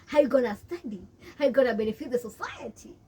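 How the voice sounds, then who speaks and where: A young Kenyan woman with a Kenyan accent, telling her story in an interview and mixing English and Swahili in an animated way. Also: on the high side, quick pace, distant mic, slight background noise. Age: young adult. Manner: switches between English and Swahili, animated, laughs often. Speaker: interview guest.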